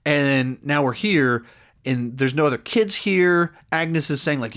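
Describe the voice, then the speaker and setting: A man talks through a TV episode in a loose, rambling review, scattering "like" and "you know" everywhere. His voice sits a bit higher than most men's. Now and then he slips into the characters' lines as he retells the plot. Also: unhurried, a bit bright. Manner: rambling recap full of "like" and "you know", acting out quoted lines. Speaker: TV series reviewer. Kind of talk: casual spoken episode review.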